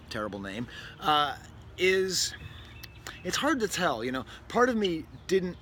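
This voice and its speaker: A New England man hosts a casual record review in a fairly high, pushed and bright voice, rambling wryly with plenty of self-interruptions and asides. He's indoors near a window with a bird outside, and faint background noise can be heard.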